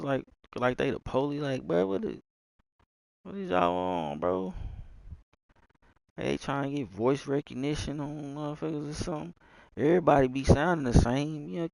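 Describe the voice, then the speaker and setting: A man's voice: mid-range voice, creaky, darkish tone, dry recording. A young man from Texas, rambling casually into his mic with lots of fillers, sighs and swearing. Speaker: gamer streamer.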